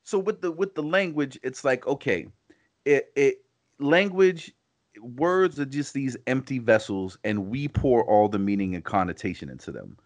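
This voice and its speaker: A man's voice: mid-range voice, animated, normal speed. A man co-hosting a casual podcast, talking in long rambling runs full of "you know" and restarts. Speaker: podcast co-host. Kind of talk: casual conversational podcast chat.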